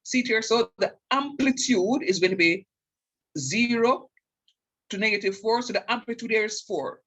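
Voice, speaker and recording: A middle-aged man teaches a calculus lecture in a high, pushed and bright voice at a moderate pace, with lo-fi sound. He repeats key points with emphasis and checks that his students are following.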